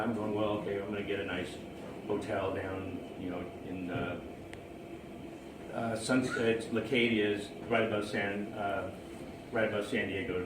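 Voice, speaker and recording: Chuckling man telling a story, distant and roomy. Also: on the low side. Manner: rambling, laughs often at his own story. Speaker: storyteller recounting his own romance. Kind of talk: casual personal storytelling. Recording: roomy, distant mic, ambient noise.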